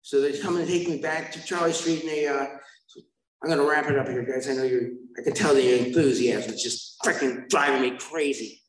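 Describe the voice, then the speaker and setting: A man's voice: medium pitch, steady tone, brisk, echoey room, low-quality recording. A man sharing his recovery story at a meeting, rambling and self-mocking, with asides to the listeners.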